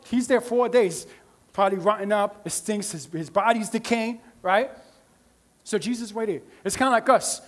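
A man's voice: sits high, fairly bright tone. A man preaching a sermon as pastor, in a conversational style with frequent "right?" asides to the congregation.

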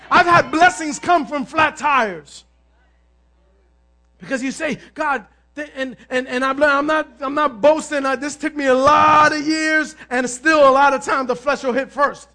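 A male pastor preaching a sermon, telling stories with lively energy, calling out to the congregation and sometimes shouting. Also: very high voice. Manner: animated storytelling, asks the crowd "amen?", bursts of shouting.

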